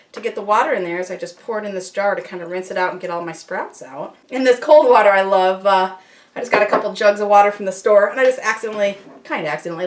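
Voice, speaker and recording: A woman's voice: medium pitch, distant mic. A woman hosting a home cooking and homesteading video, chatting casually and upbeat with self-deprecating asides as she works in her kitchen. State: slightly out of breath at times. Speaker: homesteading channel host. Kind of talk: casual how-to demonstration.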